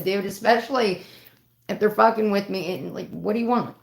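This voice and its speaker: A woman's voice: medium pitch, moderate pace, creaky, darkish tone, echoey room. A woman chatting casually on a livestream from home, rambling and swearing freely. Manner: profane, rambling storytelling. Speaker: live streamer.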